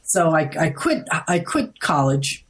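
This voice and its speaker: Chatty New York woman telling stories. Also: measured pace. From United States. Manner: chatty, acts out quoted lines with lively pitch jumps. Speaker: guest. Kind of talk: casual interview storytelling.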